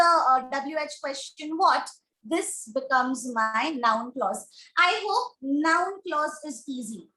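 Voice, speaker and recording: A woman with an Indian English accent teaching grammar in an online class, speaking slowly and deliberately and repeating questions to her students. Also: sits high, bright, forceful tone. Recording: echoey room.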